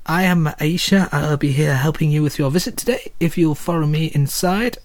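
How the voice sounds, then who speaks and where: A man voicing a polite, officious female high elf guide in a tabletop game. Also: dry recording, close to an everyday voice. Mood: brisk polite. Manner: brisk, officious hospitality.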